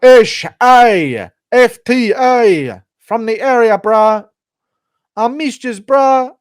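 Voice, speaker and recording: A hyped young fighter shouting slang in a very high, loud voice, as a streamer puts him on. Slow drawn-out letters, and a close, dry sound. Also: male voice, expressive, no room sound, full character voice. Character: cheery young male island fighter yelling slang.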